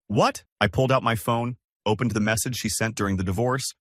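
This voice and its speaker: A man narrating dramatic relationship stories in a scripted storytelling style, switching to a higher pitch for the women's lines. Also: fast, no echo, studio quality.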